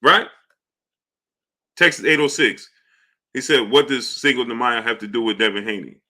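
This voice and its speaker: A man's voice: mid-range voice, normal speed, pushed and bright. A man hosting a live boxing stream, arguing his points and greeting chat viewers by name. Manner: argumentative, repeats points. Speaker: boxing show host.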